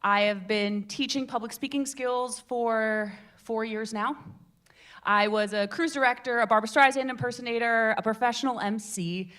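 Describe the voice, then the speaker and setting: A woman in her twenties hosting a public speaking meetup, telling stories to a live group in a theatrical, animated way. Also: moderate pace. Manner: animated, theatrical storyteller with big swings in pitch and volume. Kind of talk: lively workshop talk to a live group.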